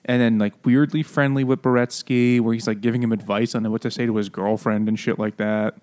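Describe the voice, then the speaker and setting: A man co-hosting a casual book podcast, animated and joking. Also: medium pitch, a little fast. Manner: animated, mocks villain voices. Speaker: podcast co-host. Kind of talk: casual chat.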